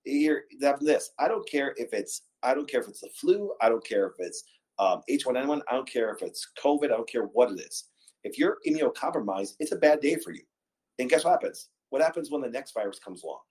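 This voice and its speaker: A man's voice: medium pitch, expressive, brisk, a little mellow, poor audio. A man hosting a casual talk show, speaking emphatically and firing off rhetorical questions.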